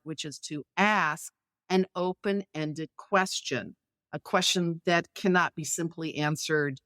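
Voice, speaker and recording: A middle-aged woman, a podcast guest, explaining conversation tips clearly and illustrating them with anecdotes. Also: low-pitched, fairly bright tone, no room sound, clean studio sound.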